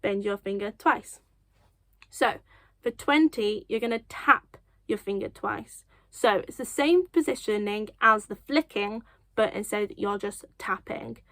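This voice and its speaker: A young woman teaching children sign language, counting slowly and encouraging them with light self-deprecating laughs. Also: medium pitch, a bit bright, no room sound. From United Kingdom. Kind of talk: children's lesson, slow counting.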